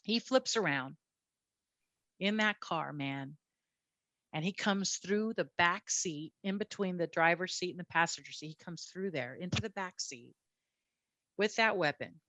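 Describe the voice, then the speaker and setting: A woman police officer telling her story as a guest, animated and blunt, often repeating her words. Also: lowish voice, a little slow, no echo. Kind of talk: candid personal storytelling.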